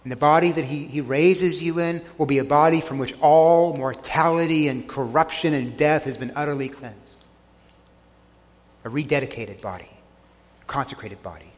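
Earnest preaching man in echoing church. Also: moderate pace. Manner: earnest preaching, dropping soft and low on key lines. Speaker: pastor. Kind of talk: sermon. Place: church sanctuary. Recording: long church hall reverb.

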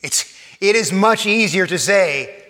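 A man preaching a sermon, earnest, repeating and restarting phrases, often dropping soft for emphasis. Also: sits high, animated, measured pace, in a large hall.

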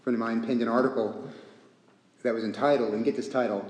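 A man preaching a sermon in an earnest, deliberate way, repeating phrases and pausing often. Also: medium pitch, steady tone, a little mellow. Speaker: pastor. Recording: echoey church hall with long reverb.

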